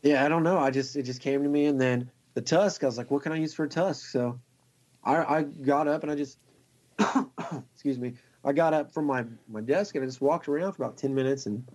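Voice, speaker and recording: A man, a fly tier, telling a long story in a casual, excited, rambling way and laughing often. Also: medium pitch.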